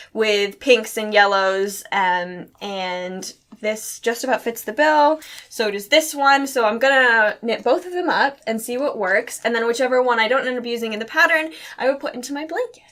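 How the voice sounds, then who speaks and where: A bubbly young woman chatting casually as a crafting co-host, her voice sitting a little high. She laughs easily and talks at home on camera. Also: a bit bright. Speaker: podcast co-host. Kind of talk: casual chat.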